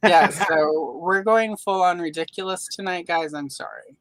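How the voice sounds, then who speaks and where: A woman's voice: on the low side, a little slow, low-quality recording. A woman from the American South hosting a live stream, chatting casually and rambling with self-deprecating jokes over a home computer mic. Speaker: host of a live audio stream. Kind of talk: casual chat.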